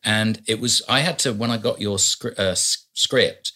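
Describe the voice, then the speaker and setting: Bright-voiced voice actor chatting. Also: male voice, lowish voice. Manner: animated, breaks into quick impressions. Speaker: voice actor guest. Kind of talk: casual podcast chat.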